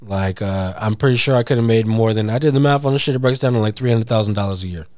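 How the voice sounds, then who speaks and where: A man's voice: lowish voice, fast talker, darkish tone, dry recording, studio quality. A man in casual chat, laid-back, telling a story and swearing casually.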